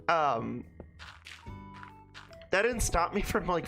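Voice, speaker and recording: With a medium-pitched, slightly bright voice, this young adult Brooklyn, New York streamer chats casually, spinning meandering, foul-mouthed anecdotes that frequently start over.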